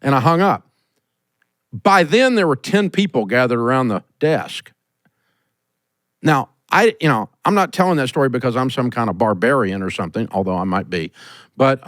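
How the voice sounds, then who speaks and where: A middle-aged man hosting a call-in business advice show, blunt and animated as he tells stories, recorded in a studio. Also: mid-range voice, no echo. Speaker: host giving business advice.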